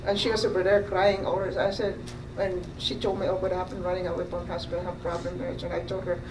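A woman speaking from across the room in a low, flat voice, not an English speaker. She tells her story haltingly, with many fillers. Her voice sounds distant and echoey, with clear background noise. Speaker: congregant sharing a story.

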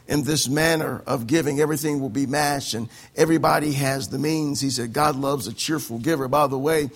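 High-voiced animated male preacher. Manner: animated preaching, acting out quotes, swings from soft to shouting. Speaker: pastor. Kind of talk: sermon.

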